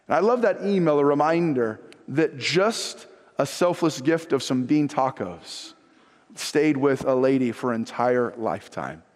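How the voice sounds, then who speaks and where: A male pastor with a notably high voice delivers a sermon in a church sanctuary. His tone is conversational and folksy, and he leans on rhetorical questions. The sound rings with the long reverb of a large room.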